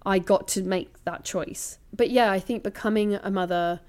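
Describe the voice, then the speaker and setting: A woman in her thirties, a comedian being interviewed, talking candidly and reflectively, often lively and laughing. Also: medium pitch, normal speed.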